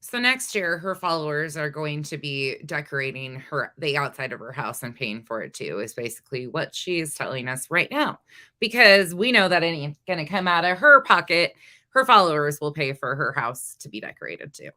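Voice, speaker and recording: Commentary woman, low but bright voice, blunt and scornful. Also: expressive, moderate pace. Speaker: commentary channel host. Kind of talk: reaction commentary.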